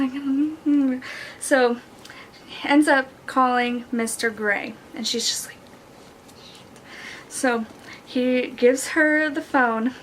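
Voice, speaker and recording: A young woman excitedly recapping a plot in a casual vlog, saying "like" a lot. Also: fairly high pitch, slight background noise. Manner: excitable, heavy use of "like". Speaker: book and movie reviewer.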